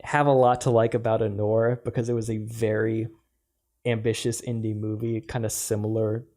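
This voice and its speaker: Young male podcast co-host, mellow tone, loose chatty delivery full of "like" and "yeah.". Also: on the low side, little pitch movement, normal speed. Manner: chatty, filler-heavy with "like" and "yeah". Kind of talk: casual chat.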